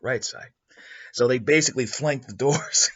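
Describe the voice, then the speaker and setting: A man's voice: medium pitch, normal speed, fairly bright tone, breathy edge, dull audio. A man hosting a show, improvising a story in a rambling way with many fillers. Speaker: host.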